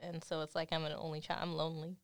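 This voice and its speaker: A woman's voice: low-pitched, completely flat delivery, fast, clear, resonant tone, no room sound, clean studio sound. A young woman hosting a casual chat, speaking hesitantly and laughing often. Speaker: host.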